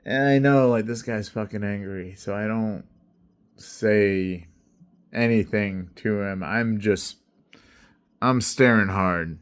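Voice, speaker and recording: A man's voice: lowish voice, takes it slowly, clean tone. A man telling a story in a casual vlog, intense and heavy on swearing, often checking in with "right?" and "you know". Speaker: delivery driver telling a story.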